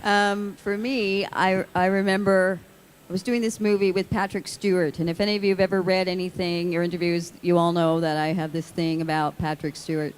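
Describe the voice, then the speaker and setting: A woman actor on a convention panel, telling a self-mocking story to the audience in a lively way. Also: lowish voice, a little fast, slight background noise.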